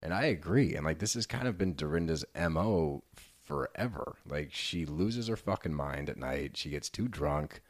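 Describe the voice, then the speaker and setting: A man with a very low, deep voice co-hosts a chatty podcast. He talks in an animated, sarcastic way and swears freely. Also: normal speed, few pauses. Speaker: podcast co-host. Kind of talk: casual chat recapping reality TV.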